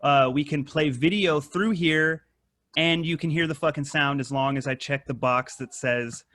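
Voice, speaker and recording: A man hosting a casual podcast, rambling and swearing a lot, with animated retellings of stories. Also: on the high side, normal speed, no echo. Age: adult with wife and kid. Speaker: podcast host. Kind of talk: casual profane chat.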